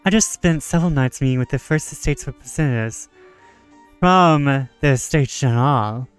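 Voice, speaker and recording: A man reading out the lines of an earnest young male priest in a game, with a halting attempt at a French accent. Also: mid-range voice, smooth, soft background music, natural voice. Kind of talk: reading game dialogue aloud.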